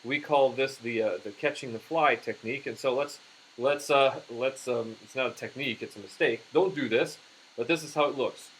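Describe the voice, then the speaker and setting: A man gives a puppetry lesson at a middle pitch, talking haltingly and often restarting his sentences. His delivery is instructional and informal, with faint room noise underneath. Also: a bit bright, poor audio. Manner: halting, with frequent restarts and fillers. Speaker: puppetry teacher. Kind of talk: instructional demonstration.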